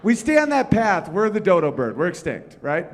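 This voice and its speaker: A man's voice: sits high, very animated, moderate pace. A man performing a brash, profane stand-up comedy set at a live venue.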